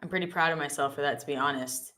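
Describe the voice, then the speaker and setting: A woman hosting a live trading stream, chatty and joking with quick asides. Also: low voice, bright, forceful tone. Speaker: live-stream host trader. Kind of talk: casual live-stream chat.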